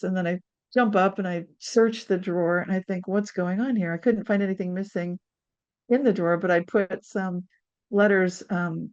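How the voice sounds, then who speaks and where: A woman's voice: medium pitch, lo-fi sound. A woman in her sixties, an author guest in an interview, telling a personal story and acting out what people said. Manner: animated storyteller, acts out quotes.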